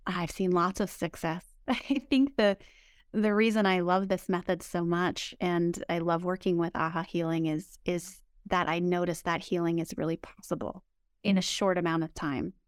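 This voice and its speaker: A woman's voice: lowish voice, fairly even intonation, moderate pace, clean tone, no room sound, clean studio sound. A woman healing coach answering interview questions in an emphatic, upbeat way, often repeating words for stress. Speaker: spiritual healing coach, guest.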